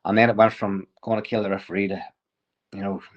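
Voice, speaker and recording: A man tells a story as a podcast guest, chuckling as he goes and often stopping to restart a sentence. His voice sits fairly low. The recording sounds a little muffled. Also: fast. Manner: lively anecdotal, chuckles often, frequent restarts. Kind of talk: casual storytelling.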